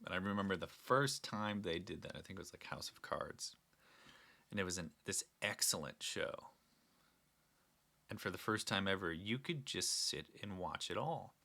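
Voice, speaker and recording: Earnest rambling man, bright voice. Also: sits low, normal speed, vocal fry. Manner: rambling, earnest, many restarts. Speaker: podcast host. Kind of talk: casual solo talk.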